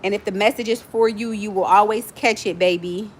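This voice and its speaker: A woman of forty from Miami, chatting fast and playfully with viewers as host of her own livestream. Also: mid-range voice, fairly even intonation. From Miami, USA. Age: 40s. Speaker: livestream host, nonprofit founder. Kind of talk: casual livestream chat with viewers.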